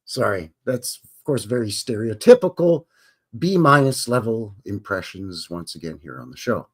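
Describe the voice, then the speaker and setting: Rambling Canadian man, lively pitch. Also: normal speed, husky. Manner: rambling and jokey, tags lines with "eh, buddy". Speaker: livestream host. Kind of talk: casual livestream chat.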